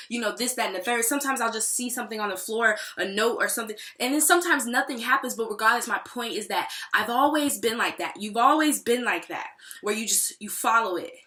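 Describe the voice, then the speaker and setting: An aspiring songwriter in New York City talks through her feelings in a candid, profane, rambling video diary. Her fairly high voice sounds pushed and bright, and the room is echoey.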